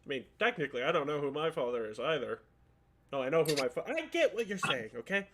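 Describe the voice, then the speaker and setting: A man's voice: a little high, big pitch swings, quick pace, noisy background. A man voicing a stern but awkward male adventurer in a tabletop game. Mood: flustered.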